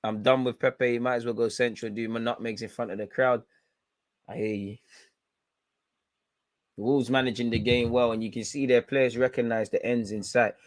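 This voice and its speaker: A man's voice: mid-range voice, fairly even intonation, normal speed, pauses often, dry recording. A young man giving blunt, slangy, frustrated running commentary while watching a football match live. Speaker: football fan channel host.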